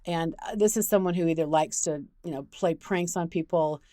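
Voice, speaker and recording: A woman's voice: fairly low pitch, normal speed, dark tone, no echo, studio quality. Frank woman giving relationship advice. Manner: frank and conversational. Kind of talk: casual advice talk with storytelling.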